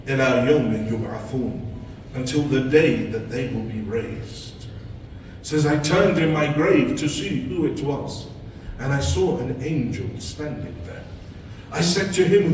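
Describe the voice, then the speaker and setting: A man's voice: lively intonation, unhurried, a little mellow. A man preaching a dramatic, impassioned sermon told as a story, recorded in an echoey mosque hall from a distant mic. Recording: echoey hall from far off, low rumble.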